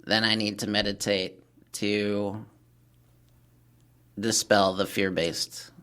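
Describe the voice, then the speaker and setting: A man's voice: lowish voice, level tone, slow pace, sharp tone, clean tone. A man co-hosting a podcast, carefully paraphrasing the guest to check he has understood. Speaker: podcast co-host. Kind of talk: casual interview chat.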